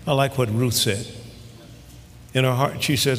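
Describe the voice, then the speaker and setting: A man preaching a sermon with fervor, reading scripture and building up to shouted, rising climaxes. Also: mid-range voice, steady tone, unhurried, a little hiss or hum. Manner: fervent, building to shouting crescendos. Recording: long hall reverb.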